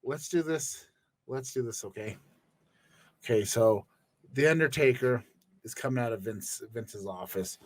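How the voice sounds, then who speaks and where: A man's voice: mid-range voice, a little slow, long pauses, dry recording. A man hosting a podcast, telling a story in a profane, joking way. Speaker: podcast host. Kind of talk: casual chat.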